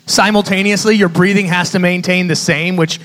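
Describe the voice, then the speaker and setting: A man, a youth pastor, giving a sermon with animated storytelling and conversational asides to his audience. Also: sits high, a little fast. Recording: reverberant hall.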